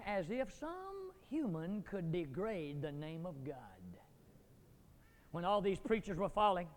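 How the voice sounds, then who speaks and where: A man preaching a dramatic sermon, acting out biblical figures and climbing to near shouts. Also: high voice, expressive, unhurried. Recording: long hall reverb.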